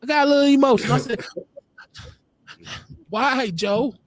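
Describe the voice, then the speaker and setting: A man's voice: very high voice, fairly even intonation, moderate pace, dry recording. A man co-hosting a live-stream talk show, talking casually with a blunt, profane, laughing manner. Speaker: podcast co-host. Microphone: streaming call.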